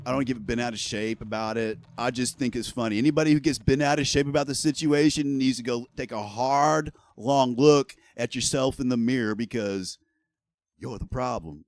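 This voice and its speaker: A man's voice: medium pitch, fairly quick, no room sound. A man giving casual, heated commentary on gaming news, swearing freely and talking in a sarcastic, ranting way.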